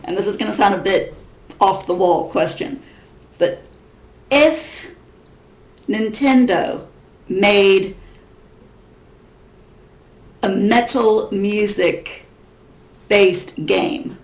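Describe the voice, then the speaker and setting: A woman's voice: mid-range voice, drawn-out words, long pauses. A woman in her thirties from Missouri whose American accent is mixed with English, chatting in a rambling, casual vlog Q&A style. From Missouri, United States. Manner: chatty, rambling, frequent restarts. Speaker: vlogger. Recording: roomy echo.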